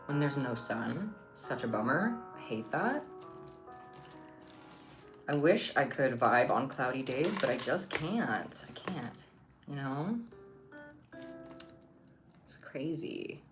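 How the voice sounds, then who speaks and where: A woman with a low voice chats on a live stream. She is playful and her pitch swings widely. Music plays clearly behind her. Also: very animated, takes it slowly, long pauses. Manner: chatty and playful, talks to chat and her cat. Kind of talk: casual live-stream chat while crafting. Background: background music.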